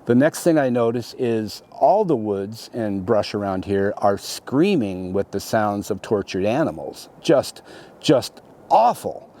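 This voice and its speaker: A middle-aged man talks through a long story as an interview guest, in a low, dark, relaxed voice. He rambles and stalls, restarting his phrases and leaning on "you know" as he goes. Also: a little slow, slight background noise. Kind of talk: conversational storytelling.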